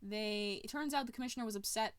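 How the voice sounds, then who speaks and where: A woman hosting a podcast, casually retelling a movie plot in an animated way, with fillers and laughs along the way. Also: fairly high pitch, quick pace, clean tone, dry recording. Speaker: podcast host. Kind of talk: casual movie recap chat.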